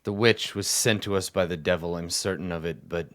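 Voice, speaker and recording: A man voicing a grief-stricken king who speaks low and heavy with guilt in a tabletop game. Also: fairly even intonation, fairly quick, fairly bright tone, no room sound, studio quality. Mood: anguished.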